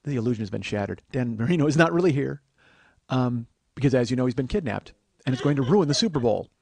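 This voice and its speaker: A man's voice: medium pitch, expressive, quick pace, gravelly, a little mellow, no room sound. A man hosting a comedy podcast, rambling in casual chat, making fun of himself and slipping into silly voices. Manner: rambling, self-mocking, slips into silly voices. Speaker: podcast host. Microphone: close studio mic.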